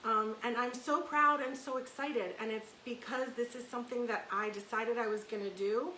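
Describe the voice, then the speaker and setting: A rather high-pitched woman in her thirties rambles chattily as a podcast host, piling up fillers and restarts. Her voice rings in a room with a lot of echo, over a faint hiss. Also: fairly even intonation, normal speed, sharp tone. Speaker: podcast host and life coach. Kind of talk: casual livestream monologue.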